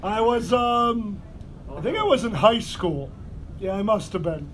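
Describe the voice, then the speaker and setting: A young man with a very high voice hosts a convention panel in front of a crowd. He talks slowly and tells his story loudly, laughing and shouting at the best parts. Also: a little hiss or hum. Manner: loud animated storyteller, laughs through punchlines. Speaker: panel host.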